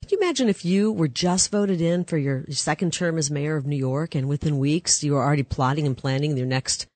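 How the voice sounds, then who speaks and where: A woman's voice: deep voice, brisk, darkish tone, no echo. A woman speaking as a guest on a political talk show, in an emphatic, confident manner. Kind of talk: casual political interview.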